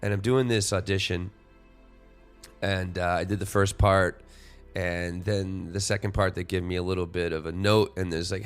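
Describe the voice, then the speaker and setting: Male podcast host, 40s, deep smooth voice, reflective and rambling, faint music underneath. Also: steady tone, moderate pace. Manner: rambling, self-correcting, reflective.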